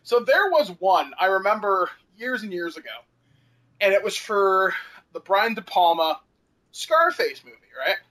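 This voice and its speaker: High, bright-voiced man chatting. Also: big pitch swings, measured pace, poor audio. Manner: chatty, laughs often, swears casually, many fillers. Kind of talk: casual podcast chat.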